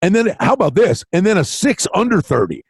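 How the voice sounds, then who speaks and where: A man co-hosting a sports betting podcast, animated and folksy, calling his partner buddy and pal. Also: high-pitched, brisk, slightly rough, dry recording. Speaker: podcast co-host, betting analyst. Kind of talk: casual sports betting chat.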